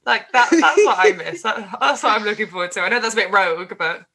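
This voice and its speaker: A woman's voice: medium pitch, expressive, fast, pushed and bright, slightly rough. A young woman co-hosting a casual chat podcast, playful and teasing. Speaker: podcast co-host.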